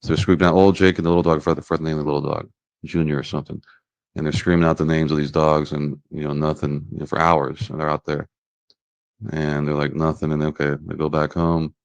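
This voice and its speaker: Very deep, flat-voiced man rambling a story. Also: quick pace, creaky, no echo, lo-fi sound. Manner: rambling, many fillers and restarts. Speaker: podcast host retelling a story. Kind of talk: casual storytelling.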